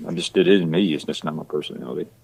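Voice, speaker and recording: Southern man, very low voice, rambling casual talker. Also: racing, vocal fry, darkish tone, slightly rough, poor audio. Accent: Southern US country. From rural Georgia, west of Atlanta. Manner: rambling, many fillers and restarts. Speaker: actor guest. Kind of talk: casual chat.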